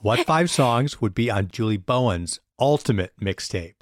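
A man's voice: mid-range voice, expressive, normal speed. A man hosting a podcast interview, asking questions in a playful, self-mocking way. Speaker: podcast host.

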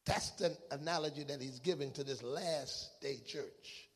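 A man preaching a fervent sermon in a church, swinging between hushed murmurs and shouted, repeated questions. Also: medium pitch, measured pace, hardly any pauses, long reverb tail. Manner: fervent, repetitive preaching cadence. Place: church sanctuary.

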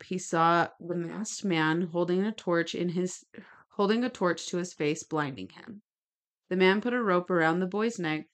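A woman co-hosting a podcast, telling a true-crime story from her notes with chatty asides. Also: lowish voice. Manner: gestures while talking. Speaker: podcast co-host.

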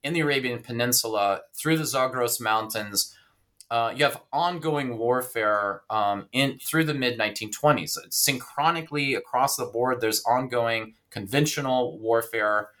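A man's voice: medium pitch, normal speed, a bit bright. A man, an author and historian, explaining his book in an interview, thoughtful and hesitant with many fillers and restarts. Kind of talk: academic interview talk.

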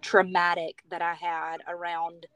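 A woman's voice: fairly low pitch, completely flat delivery, measured pace, fairly bright tone, clean tone. A woman from the United States telling her personal story as a guest on a podcast, chatty and heartfelt, with lots of "you know" and "like".

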